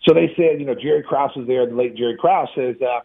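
Gravelly man telling wild stories by phone. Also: medium pitch, fast. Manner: animated, profane anecdote telling with frequent laughs. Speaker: guest, former pro basketball player. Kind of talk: casual storytelling interview. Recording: phone-like narrow line.

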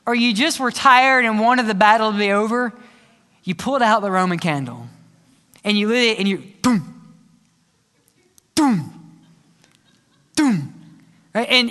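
A man preaching a sermon as pastor, telling stories in a lively way, with playful sound effects and asides. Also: very high-pitched, clear, resonant tone. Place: church sanctuary. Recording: church hall reverb.

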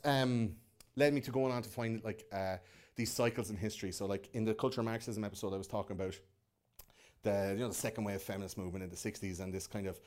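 This young Liverpudlian man hosts a podcast before a live crowd, ranting casually and swearing a lot. His mid-range voice is slightly mellow, and he's loose and profane, mocking people with put-on voices.

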